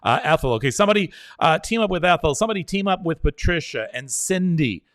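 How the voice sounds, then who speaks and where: A man's voice: fairly high pitch, expressive, fairly bright tone. Reassuring middle-aged man hosting a live show. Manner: reassuring, encouraging, talks straight to viewers; leads a slow breathing exercise. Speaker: host. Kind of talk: live call-in style show, reading viewer comments.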